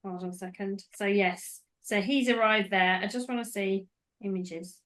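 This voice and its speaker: A woman's voice: medium pitch, normal speed, fairly bright tone. A woman hosting a podcast, recapping a film in casual, rambling chat that goes off on tangents. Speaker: podcast host.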